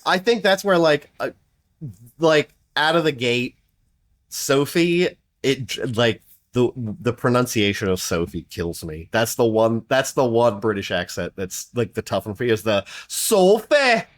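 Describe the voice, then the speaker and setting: A man co-hosting a podcast, chatting casually and rambling with lots of fillers. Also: a little slow. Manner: mimics accents with big pitch jumps. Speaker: podcast co-host. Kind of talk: casual chat.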